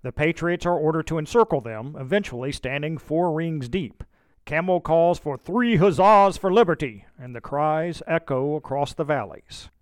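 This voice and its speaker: A man narrating history from a script in a measured storytelling manner. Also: a little high, smooth, no echo.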